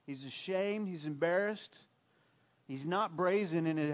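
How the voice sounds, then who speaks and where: A man preaching a sermon, emphatic and repetitive, swinging from loud bursts to hushed lines. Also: a little high, moderate pace, dull audio. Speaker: pastor.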